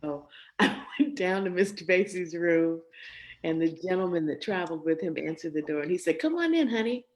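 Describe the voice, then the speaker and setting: Animated older woman telling a story. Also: sits low, moderate pace. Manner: animated storyteller, laughing, acts out quotes. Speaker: guest vocalist. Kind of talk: storytelling in a conversation.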